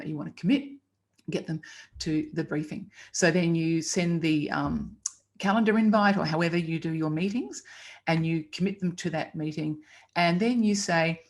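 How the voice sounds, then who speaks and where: A woman's voice: sits low, brisk, creaky. A woman teaching about pricing in a chatty, emphatic way, acting out client dialogue as examples. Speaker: copywriting teacher. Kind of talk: casual instructional talk.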